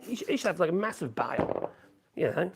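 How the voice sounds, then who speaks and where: Guy on a live stream, kinda high gravelly voice, rambling blunt opinions on the news. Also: big pitch swings, a little fast, a little hiss or hum. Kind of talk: off-the-cuff news commentary.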